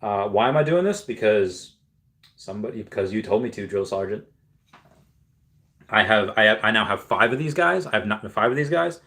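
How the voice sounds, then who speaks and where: Animated and a bit bright, this lowish male voice moves at a moderate pace as he hosts a laid-back livestream. Viewer comments get read out and then reacted to, amid plenty of rambling, restarts and fillers.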